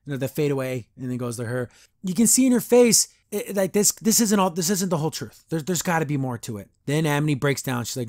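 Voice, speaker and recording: A man's voice: on the high side, lively intonation, fast, darkish tone, no echo. A man hosting a podcast, giving a casual, opinionated and easily amused review of a cartoon episode into a close microphone. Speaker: podcast host.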